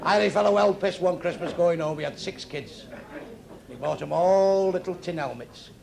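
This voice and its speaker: A man's voice: high-pitched, normal speed, vocal fry, darkish tone. A man doing a stand-up routine, telling blunt, crude jokes to a live club audience. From England. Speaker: stand-up comedian. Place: comedy club stage. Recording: live club recording with noisy laughing crowd. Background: audience laughter and chatter.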